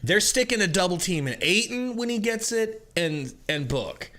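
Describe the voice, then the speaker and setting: A young man co-hosting a podcast, reacting live to a basketball game with excitable, profane play-by-play. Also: high-pitched. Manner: excitable, swears freely, fast play-by-play calls. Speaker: podcast co-host.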